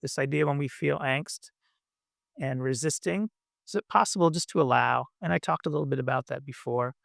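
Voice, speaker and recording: Meditation teacher, male, gravelly voice, gentle halting delivery, dry close sound. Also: medium pitch, no room sound. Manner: gentle, halting, many fillers. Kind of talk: dharma talk.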